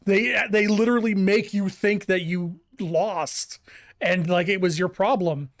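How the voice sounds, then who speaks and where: This streamer's live commentary wanders, with frequent restarts and outbursts of laughter, at a middling pitch. Intonation stays fairly even and the delivery unhurried, in a close, dry recording lacking any room sound.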